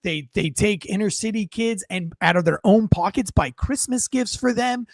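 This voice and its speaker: High-voiced man ranting in casual talk. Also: normal speed, no echo. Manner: animated, emphatic, reads comments aloud. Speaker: podcast co-host. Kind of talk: casual opinion chat.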